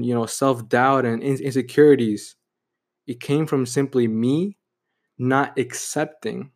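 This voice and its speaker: Brief: young adult man, mid-pitched, reflective personal storytelling, filler-heavy. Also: darkish tone. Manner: reflective, heavy use of "you know" and "like".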